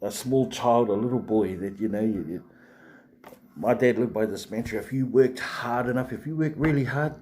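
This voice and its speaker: A man's voice: mid-range voice, moderate pace, a little mellow, slight background noise. A man, hosting a live stream and rambling chattily to viewers with many fillers and restarts. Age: 40s.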